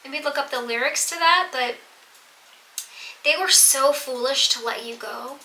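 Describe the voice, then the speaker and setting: A woman's voice: sits high, a little slow, pushed and bright. A woman giving a tarot reading to her viewers, earnest and emphatic, repeating phrases for stress. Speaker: tarot reader. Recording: echoey room with faint noise.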